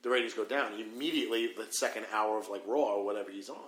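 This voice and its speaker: A man's voice: lowish voice, fast talker, fairly bright tone. A man from New York hosting a casual podcast chat, explaining his views in an opinionated way. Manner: opinionated, explanatory, laughs easily. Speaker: podcast host. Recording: roomy with faint noise.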